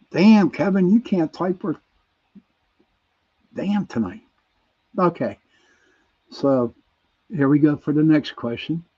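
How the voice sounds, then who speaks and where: On a dull, lo-fi recording, a Pittsburgh-accented man runs a relaxed radio chat show, laughing softly while reading listener messages aloud. His voice is fairly high, warm, and slightly rough.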